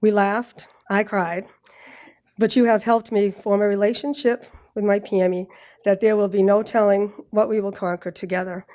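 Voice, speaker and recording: A woman's voice: medium pitch, little pitch movement, moderate pace. Nervous woman with a Boston accent. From Massachusetts. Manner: nervous, warm, joking asides, throat-clearing. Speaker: graduate speaker. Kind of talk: prepared speech read at a ceremony. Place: ceremony with live audience.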